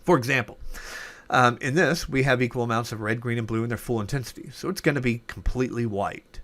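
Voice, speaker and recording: A man's voice: mid-range voice, quick pace, fairly bright tone. A man teaching programming in a casual coding tutorial, thinking aloud with fillers and self-corrections as he works. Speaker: programming instructor.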